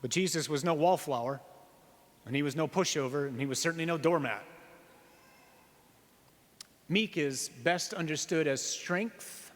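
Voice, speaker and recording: A priest giving an earnest sermon, slowing down on key phrases and asking the listeners rhetorical questions. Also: male voice, on the high side. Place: church. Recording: reverberant church hall.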